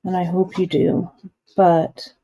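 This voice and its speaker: A woman's voice: on the low side, little pitch movement, slow, dark tone. A woman hosting a live jewelry-making demonstration, chatting encouragingly and thinking aloud as she works.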